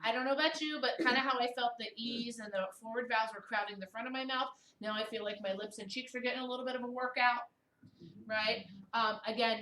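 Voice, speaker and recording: An animated woman voice teacher in her thirties with a mid-Atlantic American accent leads a singing workshop, breaking off to sing sample vowels. Her voice sits fairly high. It is recorded from a distance in an echoey room with a faint hiss. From Baltimore, USA. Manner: animated, demonstrative, models vowel sounds aloud. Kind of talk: vocal technique workshop.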